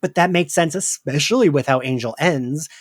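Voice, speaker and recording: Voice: medium pitch, normal speed, no room sound, clean studio sound. A podcast co-host in casual chat, rambling with lots of fillers and acting out quotes.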